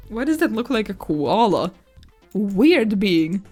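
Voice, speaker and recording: A woman streaming live, chatting casually and excitedly while exploring a map, squealing at animals and swearing now and then. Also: medium pitch, a little slow, slightly rough, soft background music.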